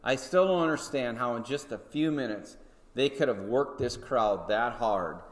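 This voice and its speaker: A man teaches a Sunday school Bible lesson in a relaxed, conversational way, often pausing to check in with his listeners. His voice sits at an ordinary middle pitch. It rings with a long reverb from a large church hall. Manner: conversational, checks in with listeners with frequent "okay?" and "right?". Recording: echoey hall.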